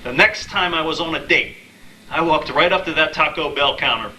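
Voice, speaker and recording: A man in his thirties doing a stand-up comedy set, telling dating stories deadpan and acting out the quotes. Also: fairly high pitch, moderate pace, far from the mic, heavy background noise. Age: 30s. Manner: deadpan storytelling with acted-out quotes. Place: small live comedy venue.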